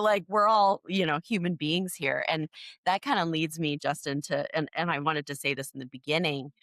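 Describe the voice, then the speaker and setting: A woman's voice: sits low, steady tone, normal speed, a bit bright, no room sound. A woman hosting a podcast interview, chatty and enthusiastic, with lots of "like" fillers. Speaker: podcast host. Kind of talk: casual interview chat.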